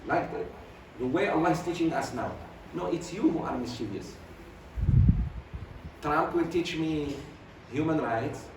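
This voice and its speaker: A man's voice: fairly high pitch, animated, measured pace, pauses often. A man teaching a religious class, lecturing emphatically with volleys of rhetorical questions and Arabic religious phrases. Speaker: sheikh teaching Quran commentary. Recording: very echoey, distant mic, noisy.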